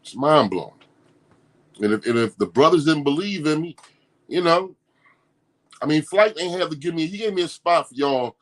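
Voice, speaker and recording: Guy hosting a morning podcast, aave, kinda high voice, laughing and repeating stuff. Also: moderate pace. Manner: animated, laughing, slangy, repeats himself. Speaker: podcast host. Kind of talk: casual morning show chat.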